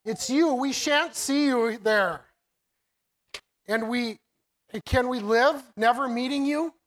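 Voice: mid-range voice, slow, voice pushed up, lightly acted. A preacher reading aloud the tearful, pleading lines of a sobbing young girl from a storybook.

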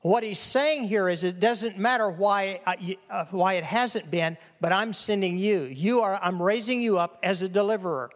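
A man's voice: high-pitched, normal speed, hardly any pauses, fairly bright tone. A man preaching a sermon as a pastor, acting out quoted voices and repeating phrases for emphasis. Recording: long hall reverb.

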